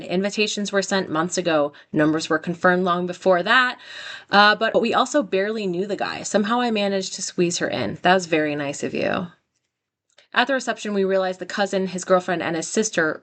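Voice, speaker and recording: A woman's voice: lowish voice, a bit bright. A young woman hosting a story channel, reading posts aloud into her own microphone and reacting with chatty asides. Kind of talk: reading stories aloud with commentary.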